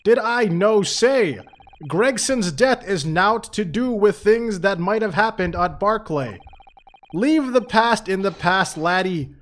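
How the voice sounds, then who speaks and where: A man reading a defensive older male prison governor aloud from a game, in a halting put-on Scottish dialect. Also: sits high, lively intonation, a bit bright, heavily acted. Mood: gruff.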